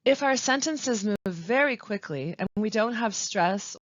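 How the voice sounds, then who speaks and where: Lively-voiced woman teaching pronunciation. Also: mid-range voice, no room sound. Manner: slow, careful, deliberate delivery with clear pauses. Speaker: language support specialist. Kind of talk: scripted pronunciation webinar. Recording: dry, dull lo-fi voice-over.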